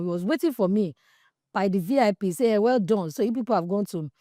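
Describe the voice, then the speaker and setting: A woman's voice: mid-range voice, no echo, clean studio sound. A Nigerian woman in her forties telling a candid personal story, switching into pidgin and acting out what people said. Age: 40s. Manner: animated, slips into pidgin and plays out quoted dialogue. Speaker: podcast host.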